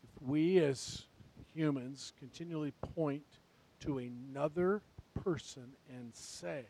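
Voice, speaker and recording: High-voiced man preaching a sermon. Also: slow pace, low-quality recording. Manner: preaching with wide swings between quiet and loud passages. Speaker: pastor. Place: church sanctuary.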